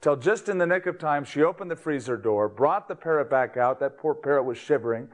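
A man's voice: fairly high pitch, animated, brisk. A man preaching a sermon, opening with a joke in an easygoing, folksy storytelling manner. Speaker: pastor.

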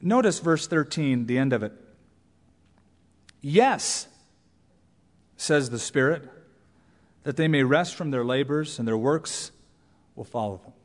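A man preaching a sermon as pastor, animated, with playful asides and mock voices. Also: medium pitch, takes it slowly, long pauses. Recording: long church reverb.

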